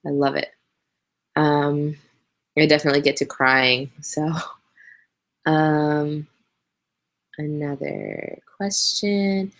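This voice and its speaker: Low, slow, gravelly-voiced young woman. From North Carolina. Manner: relaxed, chatty, with frequent ums and light laughs. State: pregnant and tired. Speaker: host answering viewer questions. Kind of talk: live casual Q&A chat.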